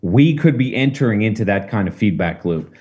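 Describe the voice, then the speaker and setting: A man with a lowish voice speaking in a casual political discussion. He builds his points steadily and leans on rhetorical questions. His delivery is measured but emphatic. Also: lively intonation, darkish tone. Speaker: political commentator.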